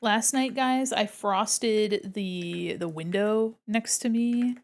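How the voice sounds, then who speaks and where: A woman's voice: medium pitch, slow pace, few pauses. A woman art streamer chatting casually with her viewers while she draws, thinking aloud as she goes, in a room at home beside a window. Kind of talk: casual chat while drawing.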